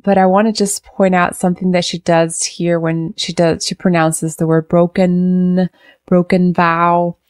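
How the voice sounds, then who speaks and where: A woman's voice: lowish voice, level tone, moderate pace, few pauses, a little mellow, clean tone, no room sound, studio quality. A woman vocal coach reacting to a performance, analyzing technique and singing short phrases to demonstrate. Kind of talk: reaction video commentary.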